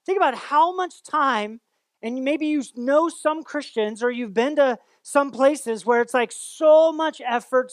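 A man with a notably high voice preaches a sermon in a loose, conversational way, breaking into playful asides and exaggerated voices for the people he quotes. The sound is close and dry, with no room echo. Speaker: pastor.

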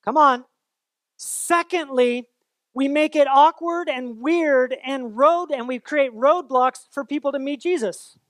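A man's voice: very high voice, slow pace, fairly bright tone, dry recording. A man pastor giving a casual, conversational sermon with playful asides, often acting out quoted voices in exaggerated tones.

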